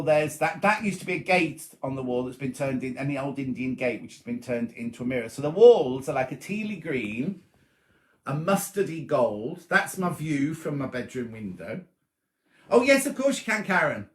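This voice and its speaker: In a reverberant bedroom, a man running a casual sewing live stream rambles on and answers viewers by name. His voice is medium-pitched, fairly bright and a little throaty.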